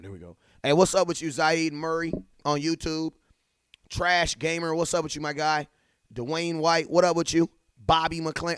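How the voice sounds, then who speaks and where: A young man hosts a sports fan livestream from home, hyped and full of slang, calling out viewers in his chat one by one. His voice sits a little high and comes across smooth. The sound is dry and close to a desk mic. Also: dry recording. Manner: hyped, slangy, talks straight to chat with shout-outs. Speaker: livestream sports talk host. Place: home setup at a computer.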